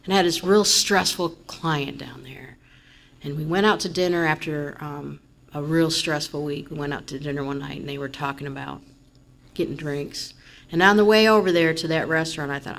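A woman's voice: low-pitched, moderate pace, creaky. A woman giving a candid, rambling personal testimony at a recovery meeting. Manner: candid, rambling, rising to loud frustration in retold moments. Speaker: member sharing at a recovery meeting.

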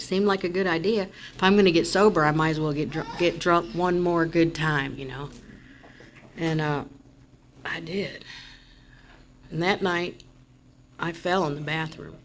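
At a recovery meeting, this woman rambles frankly through her testimony, her voice climbing to loud frustration in retold scenes. She sits low in pitch, and there's a little hiss or hum.

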